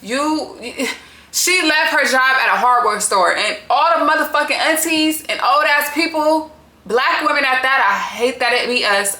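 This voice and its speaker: A woman's voice: high-pitched, pushed and bright, reverberant. A woman recapping a reality show in a casual, profane and opinionated way.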